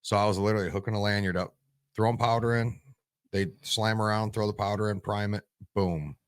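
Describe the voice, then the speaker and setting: A man's voice: fairly low pitch, steady tone, brisk, clean tone, no echo, clean studio sound. A man in his forties from Michigan, a veteran guest telling stories bluntly and with lots of swearing in a casual interview. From Michigan, USA. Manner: blunt and profane, rambling.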